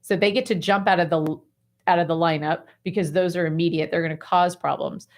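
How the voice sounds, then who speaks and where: A woman hosting a radio talk show, coaching her guest in a lively, chatty way with lots of fillers. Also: lowish voice, a little fast. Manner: animated, chatty explaining with many fillers. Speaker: host and life coach.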